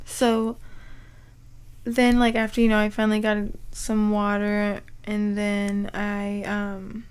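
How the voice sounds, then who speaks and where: A young woman hosting a podcast, telling a personal story in a halting way, full of "like" fillers and frequent throat clearing. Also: mid-range voice, completely flat delivery. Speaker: podcast host.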